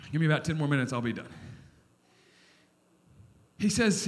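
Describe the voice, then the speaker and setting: A middle-aged male pastor preaching a sermon in a church, animated and calling on the congregation to respond. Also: very high-pitched, unhurried, pauses often. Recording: long hall reverb.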